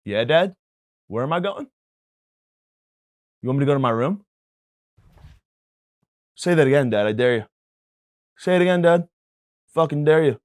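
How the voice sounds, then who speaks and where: A man's voice: medium pitch, expressive, moderate pace, pauses often, close to an everyday voice. A man voicing a defiant, menacing nine-year-old boy who taunts and dares his father. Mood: taunting. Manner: taunting, daring.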